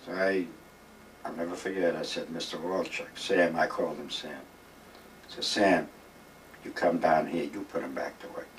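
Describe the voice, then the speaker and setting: A man's voice: rumbling low, fairly even intonation, moderate pace, far from the mic, slight background noise, poor audio. An older man being interviewed, reminiscing in a rambling, emphatic way and acting out the dialogue of his old stories. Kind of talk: reminiscing storytelling. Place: retirement village home.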